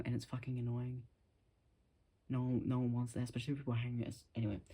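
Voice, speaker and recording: A man talking casually to his camera at home, rambling and self-deprecating, in a musing, soft-spoken way. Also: medium pitch, husky. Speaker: vlogger.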